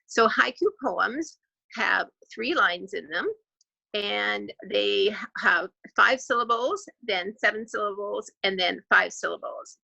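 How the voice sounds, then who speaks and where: A woman teaching a grade two class in an online lesson, clapping out syllables slowly and clearly. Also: mid-range voice, pushed and bright, rough recording.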